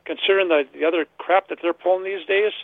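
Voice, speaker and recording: Man, caller, phone line, gravelly, slightly high voice, rambling, repeats words. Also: steady tone, quick pace, no echo. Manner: rambling, repeats words while searching for them. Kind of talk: call-in talk radio.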